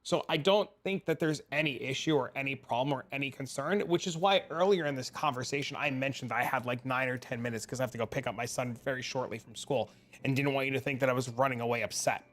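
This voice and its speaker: A man's voice: medium pitch, fairly bright tone. A man streaming a video game, talking to chat in a blunt, profane, heated rant. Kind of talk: casual live stream rant.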